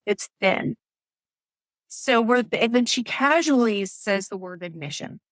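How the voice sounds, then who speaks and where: Woman, 30s, animated guest storyteller, dry close podcast sound. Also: fairly high pitch, moderate pace, no room sound. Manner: animated storytelling, acts out quotes, laughs often. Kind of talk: telling her birth story. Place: Atlanta area.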